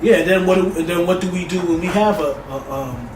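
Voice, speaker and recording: A man's voice: high voice, normal speed, music in the background. A man talking emphatically in casual chat about a movie. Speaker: podcast co-host. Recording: echoey room, distant mic, background noise.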